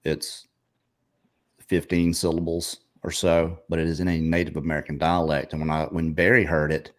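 A man with a very deep voice hosts a relaxed interview. He tells stories at an easy pace, with drawn-out asides. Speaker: show host. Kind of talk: casual interview chat.

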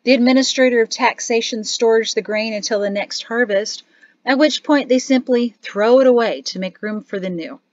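A woman's voice: on the high side, normal speed, no room sound, pitched above the performer's own voice, natural voice. Weary rueful father, read by a woman. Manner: sad, grumbling tone. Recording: dry, slightly dull studio audio.

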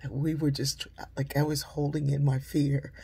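Woman storyteller with a deeply husky, breathy voice and a warm, dark tone; conversational delivery that hushes for quoted lines. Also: flat delivery, moderate pace. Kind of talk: personal storytelling.

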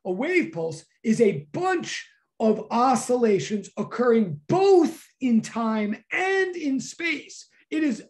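An excitable physics professor in a classroom, talking fast and loose with lots of "like". The delivery swings between quiet asides and loud, emphatic bursts of enthusiasm. It sounds like a live lecture to students. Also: medium pitch.

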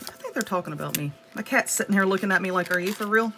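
A woman with a Southern US accent chatting excitedly to viewers as she unboxes nail art supplies, gushing over each item. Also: mid-range voice, very fast, hardly any pauses, slight background noise. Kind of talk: casual unboxing chat.

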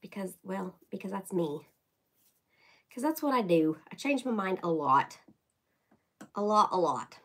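A woman's voice: medium pitch, big pitch swings, measured pace, pauses often, fairly bright tone, poor audio. A woman hosting a casual live craft stream, chatting to viewers by name while she paints. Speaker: craft livestream host.

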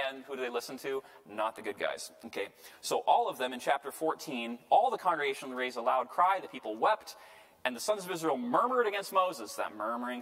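Joking priest teaching in an echoey hall. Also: male voice, on the high side, fairly quick. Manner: lively and joking, tags lines with "right?" and acts out quotes. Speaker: priest teaching a Bible class. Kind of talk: casual Bible lecture.

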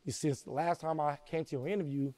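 A middle-aged man, an interview guest, telling a personal story slowly and quietly, often saying "you know what I'm saying". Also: a little high, steady tone.

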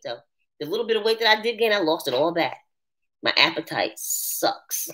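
A woman hosting a casual live chat, answering viewers' comments in an animated way and laughing often. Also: fairly low pitch, normal speed. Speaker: live stream host.

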